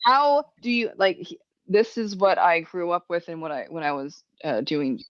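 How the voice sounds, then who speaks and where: A woman's voice: on the low side, normal speed, no room sound. A woman hosting a podcast, chatting casually, laughing often and swearing freely. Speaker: podcast host. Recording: dry, dull lo-fi sound.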